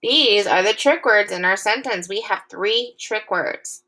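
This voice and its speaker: A young woman teacher with a bright, clear voice walks young children through a recorded phonics lesson. She speaks patiently and encouragingly, and slows way down to read the sample sentences with expression. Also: medium pitch. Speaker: elementary school teacher.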